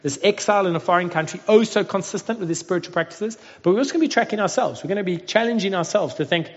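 Lively preacher man in an echoing hall. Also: high voice, rapid-fire. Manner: lively storytelling with acted-out voices. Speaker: pastor. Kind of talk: sermon. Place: Cape Town. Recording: dull sound with long hall reverb.

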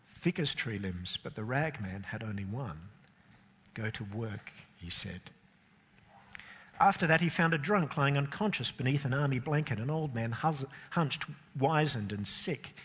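A man reads a story aloud with deep feeling, lingering on pauses and letting his voice sink for the sad moments. His tone is husky and a bit breathy, and a long reverb hangs after each phrase, as in a large hall. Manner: expressive, emotional, with slow pauses. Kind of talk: dramatic story reading.

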